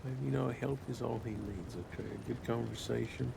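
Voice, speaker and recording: A man in character during a role-play game, recounting a story with many halting restarts. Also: medium pitch, steady tone, creaky, noisy background.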